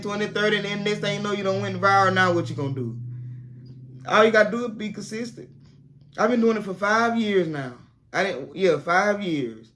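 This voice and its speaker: A down-home former teacher who now makes content full-time talks casually to her camera, offering plain, encouraging advice. Her voice is low and relaxed for a woman, and she films on a home set made to look like a classroom.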